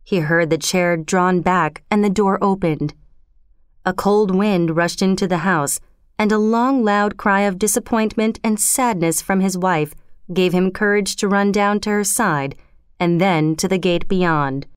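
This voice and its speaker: Woman narrator, audiobook reading, steady and measured, smooth voice, dry close recording. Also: mid-range voice, dry recording. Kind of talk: scripted narration.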